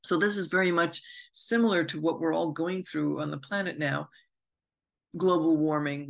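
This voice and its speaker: A woman's voice: low-pitched, gravelly. A woman astrologer hosting her own podcast, talking unscripted in a meandering, reflective way, correcting herself and drifting into asides. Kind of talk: unscripted spoken monologue.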